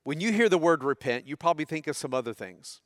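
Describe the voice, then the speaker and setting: A man's voice: on the high side, lively intonation, fast talker, a bit bright, no echo, clean studio sound. A middle-aged man preaching a sermon, talking conversationally and putting questions to his audience. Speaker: pastor.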